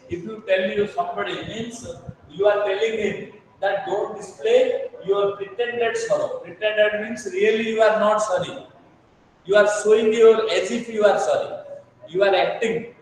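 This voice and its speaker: A man's voice: sits high, a little hiss or hum. A man teaching a class, explaining patiently with much repetition and checking that students understand. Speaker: English teacher. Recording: echoey room, mic far off.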